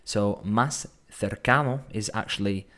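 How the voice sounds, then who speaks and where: A man teaching Spanish in a relaxed, explanatory way, slowing down to sound out phrases and thinking aloud as he goes. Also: lowish voice. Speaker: Spanish tutor. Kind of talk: explanatory language lesson.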